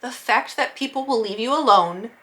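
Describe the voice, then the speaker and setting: Young woman, chatty storytime vlog, playful, crisp bright tone. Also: fairly high pitch, normal speed. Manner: chatty, playful, acts out quotes. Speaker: gaming vlogger.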